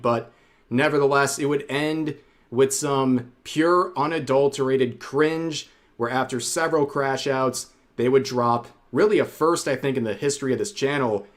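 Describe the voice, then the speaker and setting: A man reading a scripted commentary voice-over about online drama in a measured, wry manner. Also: mid-range voice. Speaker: youtube commentator.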